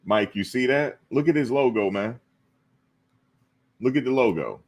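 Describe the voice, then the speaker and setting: A man's voice: medium pitch, a little slow. A man hosting a casual live-stream talk show, teasing and answering his viewers. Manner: animated, teasing, talks to viewers and chat. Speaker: show host.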